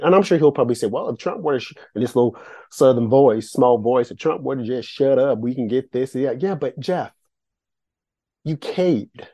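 Male talk host, emphatic questioning monologue, mellow and breathy tone. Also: mid-range voice. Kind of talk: political commentary monologue.

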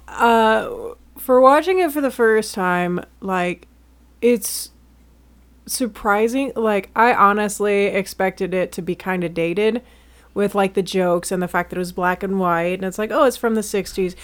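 A woman's voice: mid-range voice, measured pace, clean tone. A woman co-hosting a casual podcast, chatty and full of "like". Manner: chatty, fills with "like". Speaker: podcast co-host. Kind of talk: casual chat.

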